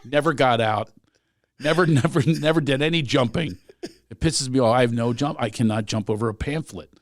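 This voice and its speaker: A man's voice: medium pitch, a little fast, dry recording. A man hosting a podcast, chatting casually and joking, often slipping into impressions. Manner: animated, joking, breaks into impressions. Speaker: podcast host. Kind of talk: casual comedic interview chat.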